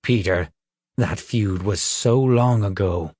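A man voicing a stern old male troll guardian in a grave, lowered voice. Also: slow pace, darkish tone, no room sound.

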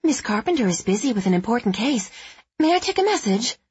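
Woman doing a breathy noir secretary. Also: a little high, big pitch swings, a little fast, dull audio, voice pushed up, full character voice. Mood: playful.

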